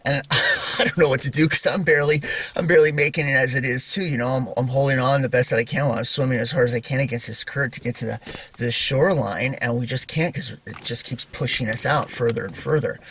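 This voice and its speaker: Halting man telling a personal story. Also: medium pitch, a bit bright, a little hiss or hum. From Idaho. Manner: halting, many fillers and restarts, chuckles. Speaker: Christian video maker.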